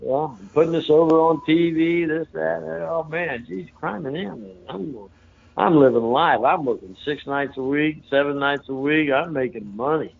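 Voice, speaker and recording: A man's voice: fairly high pitch, normal speed, gravelly. Guy rambling through an old story, um and you know everywhere, tinny phone sound. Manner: rambling, folksy, lots of fillers. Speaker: interview guest. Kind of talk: casual storytelling.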